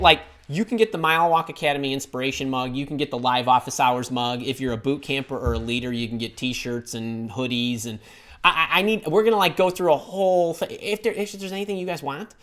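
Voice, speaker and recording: A middle-aged man hosting a live career advice stream from home, talking in an excitable, scattered way as he reads the chat. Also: fairly high pitch, brisk. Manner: energetic, excitable, scattered while reading chat. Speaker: host.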